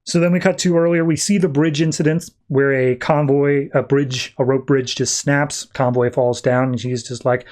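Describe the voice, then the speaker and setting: A man's voice: medium pitch, steady tone, moderate pace, few pauses, darkish tone. A man hosting a podcast, casually recapping a comic book plot in a loose, conversational way. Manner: loose, conversational retelling with frequent "uh" and "he's like". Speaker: podcast host.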